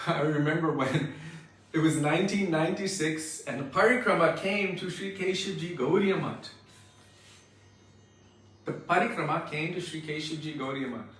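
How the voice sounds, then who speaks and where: Male preacher, fairly high voice, earnest and emphatic, distant mic in a very echoey room. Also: normal speed, pauses often, a bit bright. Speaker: spiritual teacher. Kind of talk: devotional scripture lecture.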